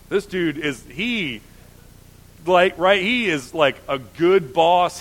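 A man's voice: fairly high pitch, animated, slow pace, a bit bright, long reverb tail. A male pastor giving a casual, enthusiastic sermon, telling stories with many restarts and fillers.

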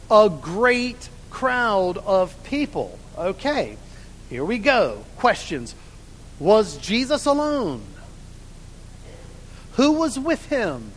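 There's a long hall reverb and a faint low rumble behind this male Bible teacher, who has a drawl and a high voice. He runs a Bible study class by asking questions, waiting, and answering them on his own.

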